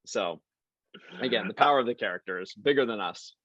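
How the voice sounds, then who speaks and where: A man guesting on a podcast chats casually in interview style, telling lively stories and acting out the people in them. His voice is fairly low-pitched and a little fast, with no echo but the highs cut off.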